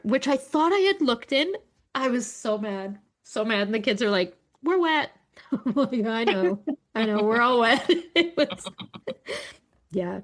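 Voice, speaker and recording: A podcast co-host in her forties tells a story at full tilt. Her pitch swings wildly as she acts out every line of dialogue, with swearing and laughter all the way through. Her voice sits a little high for a woman. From Alberta, Canada. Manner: animated storyteller, swears freely, acts out quotes, laughs often. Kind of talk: casual chat.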